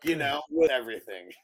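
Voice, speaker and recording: A man co-hosting a podcast, casually retelling movie scenes in an animated way with frequent laughter. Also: a little high, breathy edge. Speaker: podcast co-host. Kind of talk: casual movie review chat.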